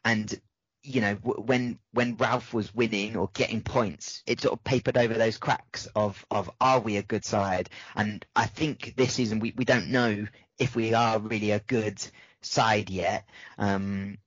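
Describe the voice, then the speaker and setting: A man's voice: on the low side, steady tone, a little slow, no echo, highs cut off. A man appearing as a comedian guest on a casual podcast, rambling and repeating words while he thinks aloud.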